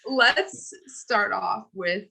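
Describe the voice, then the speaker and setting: A woman's voice: mid-range voice, very slow, gravelly, pushed and bright, slightly rough, rough recording. A woman co-hosting a podcast, chatting casually about movies with lots of fillers and giggles. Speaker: podcast co-host. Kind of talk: casual chat.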